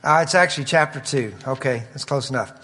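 A man's voice: mid-range voice, fast talker, sharp tone. A man preaching an expository sermon, reading scripture quotes in an earnest, emphatic way. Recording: long hall reverb.

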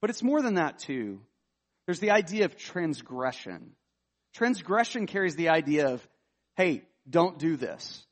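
A man's voice: on the high side, very animated, normal speed. A man, a pastor preaching a conversational sermon that rises with emphasis when he reads scripture.

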